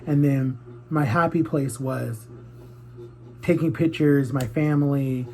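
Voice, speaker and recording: Man, 30s, mellow tone, candid confessional vlogger, heartfelt and earnest. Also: medium pitch, fairly even intonation, slow, pauses often. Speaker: YouTuber. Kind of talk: confessional vlog.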